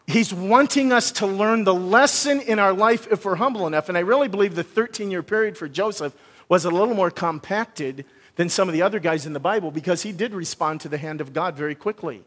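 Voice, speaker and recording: A man's voice: high-pitched, normal speed. A man preaching a Sunday sermon as pastor, talking in a loose, conversational way with many restarts. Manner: conversational, animated, thinks out loud with restarts. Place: church sanctuary. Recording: long reverb of a large hall.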